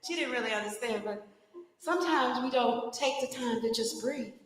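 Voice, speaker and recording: A woman emcees a live community gathering in a lively, chatty way, breaking into laughter between remarks. Her voice sits a little high. The sound carries a heavy echo with a long reverb tail from a large church hall. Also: normal speed, slight background noise. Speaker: event emcee. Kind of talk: live event announcing.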